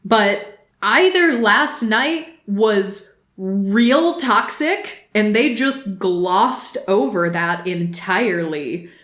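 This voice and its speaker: A woman's voice: mid-range voice, fairly bright tone, roomy sound. A woman co-hosting a podcast, talking casually and animatedly with exasperation and frequent laughs. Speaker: podcast co-host.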